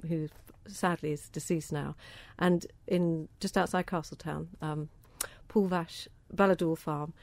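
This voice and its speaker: Chatty southern English woman, low voice. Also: steady tone, a little slow, few pauses, a little mellow, dry recording. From southern England. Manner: chatty, enthusiastic, self-deprecating, repeats words when starting. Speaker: interviewee, organic food campaigner. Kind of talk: casual interview answers.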